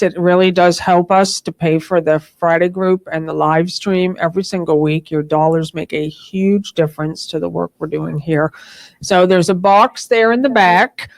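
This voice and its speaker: A woman hosting a spiritual community gathering, giving thanks, announcements and a blessing in an earnest, measured way. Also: fairly low pitch, no room sound. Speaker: host. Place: community meeting room.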